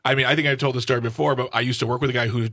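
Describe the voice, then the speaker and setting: A man's voice: mid-range voice, rapid-fire, no echo. A man co-hosting a radio talk show, playful and telling stories casually. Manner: playful, animated storytelling. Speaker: radio co-host. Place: radio studio.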